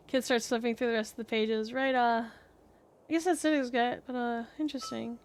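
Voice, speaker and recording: A young woman streams a story game, reading its dialogue aloud and breaking off into chatty, sarcastic asides with the odd swear word. Her voice sits a little high. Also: steady tone, normal speed, soft background music.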